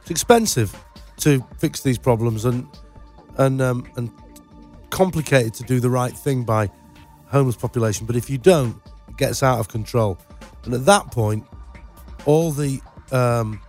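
A man's voice: mid-range voice, measured pace, darkish tone, faint music behind. A man co-hosting a radio show, chatting casually with dry sarcasm and loose, rambling sentences. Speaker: radio co-host. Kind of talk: casual chat with sarcastic commentary.

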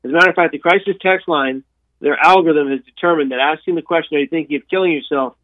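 A man telling a long personal story in an interview, animated, with frequent restarts and repeated words. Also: on the high side, fast talker, no echo. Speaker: guest sharing his life story. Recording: dry tinny phone-like sound.

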